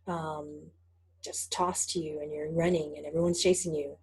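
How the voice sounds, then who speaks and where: A woman talking casually as a spiritual teacher, lively and laughing often, acting out little voices in her stories. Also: low-pitched, normal speed, breathy edge.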